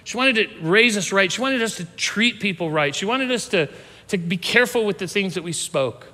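Speaking briskly and with animation, a fifties-aged pastor shares a childhood memory as a relaxed sermon, often breaking off and starting sentences over. His voice is high and bright, and a long, big-hall reverb follows it.

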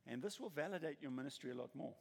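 Creaky and slightly rough, this somewhat high male voice belongs to a fast-talking pastor preaching in a church hall. He tells stories with animation and acts out quoted voices, while the hall adds a long, echoing reverb.

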